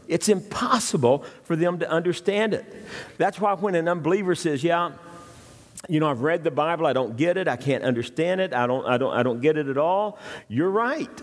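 A man's voice: high-pitched, long reverb tail. A man preaching a sermon as pastor, earnest and emphatic, driving points home with repetition.

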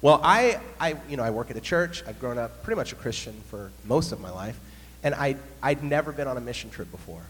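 A man, a pastor, telling a humorous story in an animated sermon. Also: medium pitch, fairly quick. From United States. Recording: long hall reverb, faint hum.

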